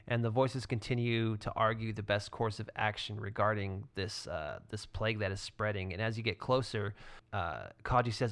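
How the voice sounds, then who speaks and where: A man narrating as game master in a tabletop game, relaxed and full of fillers and restarts. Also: fairly low pitch, normal speed.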